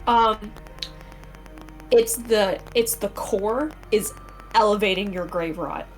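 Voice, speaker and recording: Woman gm taking her time, lots of ums, soft music behind. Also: mid-range voice, poor audio. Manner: halting, thinking aloud with many fillers. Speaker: game master. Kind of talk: narrating a tabletop game.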